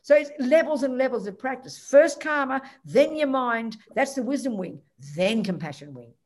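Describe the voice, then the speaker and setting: A woman's voice: high voice, expressive, moderate pace, darkish tone. A woman teaching Buddhist ideas, answering a student directly and emphatically, acting out quoted lines.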